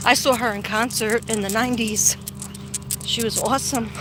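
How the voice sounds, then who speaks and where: Slow-talking chatty woman outdoors. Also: on the high side, background noise. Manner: chatty, rambling, reads viewer comments aloud. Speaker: psychic vlogger. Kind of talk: casual live-stream chat while walking. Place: outdoors on a walk.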